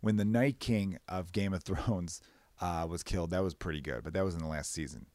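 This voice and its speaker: Man, podcast host, deep voice, dry recording, breathless rambling, swearing. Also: fairly quick, no room sound. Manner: profane, rambling, animated bursts into high-pitched mimicry. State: short of breath. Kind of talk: casual podcast monologue. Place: away from his usual recording space.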